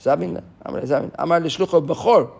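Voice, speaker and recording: Man, Talmud class lecture, animated, slightly high-pitched, frequent restarts. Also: a little fast, vocal fry, breathy edge. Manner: animated, restarts often, mixes Hebrew and Aramaic terms. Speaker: Talmud teacher.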